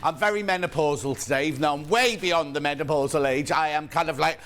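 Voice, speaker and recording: Male shopping-channel presenter, slightly high voice, chatty and playful. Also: a little fast, few pauses, fairly bright tone. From United Kingdom. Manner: chatty, playful, reads viewer messages. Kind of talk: live TV sales presentation.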